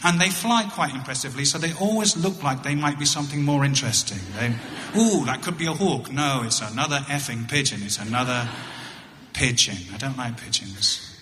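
A middle-aged English man telling a wry story on stage as a touring comedian, halting and often repeating his words. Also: mid-range voice, pushed and bright, a little hiss or hum. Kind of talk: storytelling stand-up. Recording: echoey hall.

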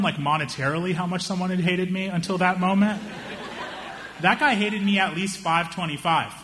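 A young man doing stand-up storytelling, animated and acting out the people in his story with raised voices. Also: a little high, a little hiss or hum. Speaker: stand-up comedian.

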